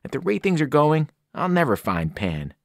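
A man's voice: a little high, huge pitch swings, normal speed, gravelly, no echo, voice pushed up, exaggerated voice. Anxious young satyr, earnest and pleading, dry close sound, read by a man. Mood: sad.

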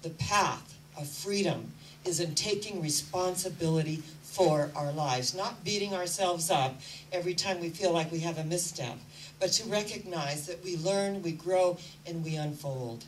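A woman's voice: on the low side, a little slow, far from the mic, rough recording. Woman, spiritual teacher, earnest inspirational talk, set back from the mic with a faint hum underneath. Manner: earnest, storytelling.

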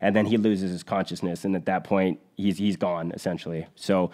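Host type, male, lowish voice, earnest storyteller, retells combat events vividly, talks it through with restarts. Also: steady tone, fairly quick, a little mellow. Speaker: podcast host. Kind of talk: conversational war storytelling.

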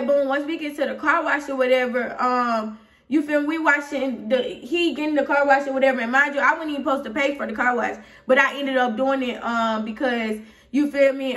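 A young Atlanta woman with a high voice runs through a story in a loose, rambling way, checking in with her listeners again and again. She sounds a little distant from the mic. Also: a bit bright. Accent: Southern US, Atlanta. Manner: rambling and candid, frequent "you feel me", growing heated. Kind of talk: casual storytime vlog.

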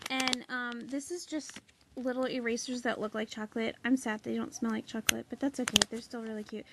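A woman's voice: high-pitched, background noise. Gushing young woman showing off a haul. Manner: gushing, excitable, lots of "like" and "oh my god". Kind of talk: casual haul video.

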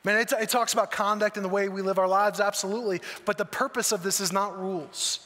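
Bright high-voiced preacher in a reverberant hall. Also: male voice, fairly even intonation, quick pace. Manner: earnest, conversational preaching with rhetorical questions. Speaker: pastor. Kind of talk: sermon. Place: church auditorium. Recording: long church hall reverb.

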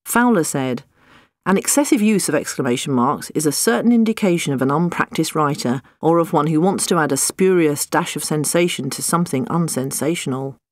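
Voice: medium pitch, animated, fairly quick, no echo. An audiobook narrator, reading a humorous nonfiction book in a wry, dry comic manner.

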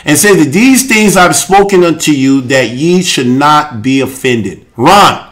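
A high-pitched man preaching on a live show, his voice leaping up and down in wide swings. He reads scripture and comments with fervent intensity, often rising to a shout. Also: animated, a little slow. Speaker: host and preacher. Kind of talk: impassioned live-show preaching and Bible reading.

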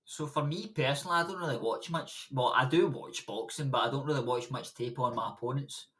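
A young Scottish boxer talks briskly in a medium-pitched, slightly bright voice. He's a guest in a casual interview, meandering through stories with frequent laughs.

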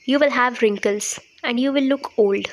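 A woman's voice: fairly high pitch, normal speed. A woman doing an overacting fake rich boyfriend. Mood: showy. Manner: exaggerated, showy.

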